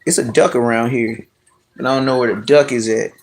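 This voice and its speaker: A man's voice: medium pitch, steady tone, brisk. A man chatting casually on a phone live stream at home, rambling and full of slang and swearing. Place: at home with his dogs.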